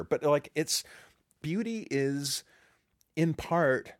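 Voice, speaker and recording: A middle-aged man in casual podcast talk, his voice sitting low but leaping around expressively as he explains ideas. The sound is dry and close, with no room around it. He comes across like a teacher who enjoys swearing now and then. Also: moderate pace, no echo. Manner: animated, swings into acted quotes, swears. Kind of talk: casual intellectual conversation.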